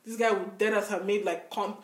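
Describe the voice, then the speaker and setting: Speaking briskly in a mid-range voice, a young woman co-hosts a podcast from an echoey room. She laughs often while telling lively stories in casual conversation.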